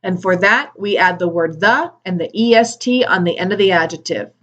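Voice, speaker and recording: A woman teaching an English grammar lesson, modelling words slowly and carefully for learners. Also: lowish voice, animated, a bit bright, highs cut off. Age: adult with a daughter. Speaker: ESL teacher.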